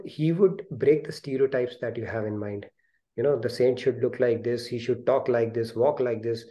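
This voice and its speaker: Man, Indian English accent, mellow warm tone, animated storyteller, video call audio. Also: medium pitch. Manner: animated storyteller, acts out quoted speech. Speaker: host of an online spiritual study session.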